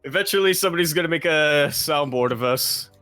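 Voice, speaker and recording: A man's voice: a little high, brisk, bright, forceful tone. Laid-back joking male co-caster. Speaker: esports co-caster. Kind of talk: casual live commentary banter.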